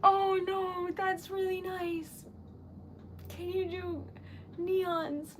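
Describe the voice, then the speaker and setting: A woman livestreamer with a very high voice talks slowly while tearful and giggly, laughing through tears. She stammers and gushes thanks in a flustered way. Faint noise sits under her desk-mic sound. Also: flat delivery, darkish tone. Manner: breathless gushing thanks. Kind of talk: casual livestream chat.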